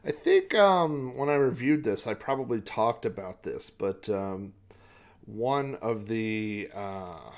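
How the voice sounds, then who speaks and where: A man's voice: fairly low pitch, lively intonation, slow. A man from Oklahoma hosting a podcast, giving rambling, hesitant gameplay commentary with frequent chuckles. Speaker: podcast host.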